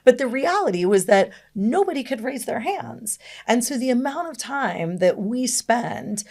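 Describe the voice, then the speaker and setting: A woman's voice: on the high side, big pitch swings, normal speed, gravelly, few pauses, a little mellow. A woman guest on a podcast, explaining her point in an earnest, thoughtful way. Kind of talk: casual podcast conversation.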